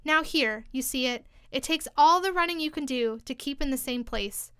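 A woman reading the part of a brisk, bossy queen in a storybook, giving orders. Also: high voice, fairly bright tone, dry recording, clean studio sound. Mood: instructing. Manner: brisk, commanding.

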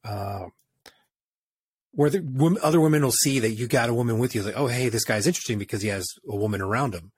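A man co-hosting a casual chat who speaks haltingly and often searches for his words. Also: medium pitch, husky, dry recording, clean studio sound.

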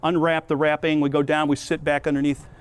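A man preaching a sermon, telling a personal story in an earnest, emphatic, lively way. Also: on the high side, brisk, smooth.

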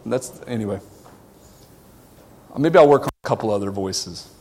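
A man from the American South with a Southern accent, preaching a sermon as pastor, swinging between loud exhortation and quiet asides. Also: lowish voice, animated, unhurried, pauses often, in a large hall.

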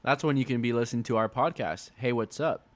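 A man's voice: mid-range voice, brisk. A young college-age man co-hosting a podcast, easygoing and joking with rambling asides. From Mexican heritage. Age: young adult. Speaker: podcast co-host. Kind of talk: casual chat.

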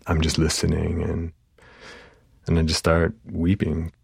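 A therapist telling an emotional story from his practice, halting often with fillers. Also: a bass voice, monotone, creaky, husky, no echo, clean studio sound. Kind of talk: personal storytelling.

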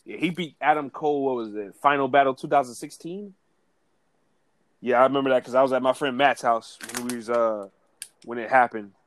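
A man talking in a relaxed, casual podcast chat, full of filler words. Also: mid-range voice, brisk, no echo.

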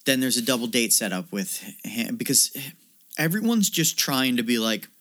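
A man's voice: medium pitch, very animated, moderate pace, a bit bright. A man co-hosting a film podcast, casually retelling the plot with lots of fillers and easy laughs. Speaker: podcast co-host. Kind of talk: casual film review chat.

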